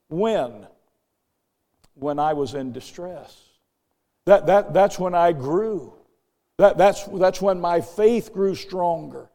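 In the long reverb of a church hall, an older male pastor preaches in a fairly high, mellow, unhurried voice. He repeats words and phrases while his volume swells and sinks.

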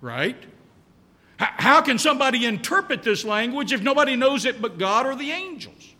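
A man's voice: extremely high pitch, sing-song, moderate pace, pushed and bright, in a large hall. A man preaching a sermon as pastor in a church, emphatic, repeating key lines and asking rhetorical questions.

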